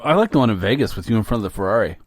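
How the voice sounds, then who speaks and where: A man's voice: on the low side, animated, rapid-fire, no echo. A middle-aged man co-hosting a casual snack-tasting chat with his son, joking and reading package text in a mock announcer voice. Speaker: podcast co-host, father.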